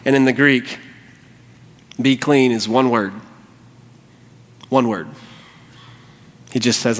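A man's voice: medium pitch, fairly even intonation, unhurried, pauses often. A male pastor preaching a sermon, impassioned and rising to fervent pleading. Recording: long hall reverb.

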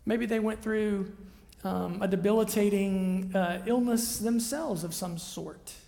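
A man's voice: high voice, steady tone, a little slow, gravelly, warm tone. A man preaching a conversational sermon as pastor, often checking in with his listeners. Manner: chatty, checks in with listeners by asking "right?". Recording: long reverb of a large hall.

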